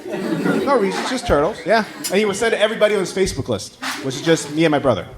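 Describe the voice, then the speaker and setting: A man's voice: sits high, fast talker, heavy background noise. A man from Taiwan, whose first language is Mandarin, doing a conversational stand-up comedy set in a comedy club. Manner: animated, conversational storytelling. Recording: live club recording with loud audience laughter.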